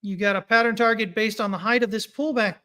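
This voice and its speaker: A man's voice: high-pitched, fast talker. A man giving casual live-stream commentary on price charts, reading viewer comments as he goes. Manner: animated, talks through charts, reads viewer comments. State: hiccuping. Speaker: market analyst streaming chart analysis.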